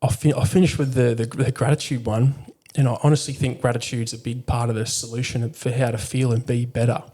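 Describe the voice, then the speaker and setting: Male veteran, podcast guest; dark, mellow voice; candid, profane and conversational. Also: medium pitch, flat delivery, fairly quick. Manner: blunt, heavy swearing, frequent fillers.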